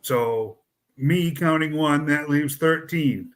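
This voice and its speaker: A man's voice: on the high side, slow. A middle-aged man, hosting a casual chat and rambling through his points with fillers and restarts.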